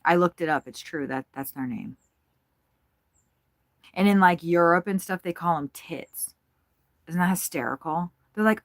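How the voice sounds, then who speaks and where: A woman's voice: lowish voice, normal speed, pauses often, no echo. A woman chatting casually as she watches birds at her feeders, giggling and swearing freely as she goes. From United States. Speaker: bird-watching vlogger. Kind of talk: casual running commentary. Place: RV at a campground.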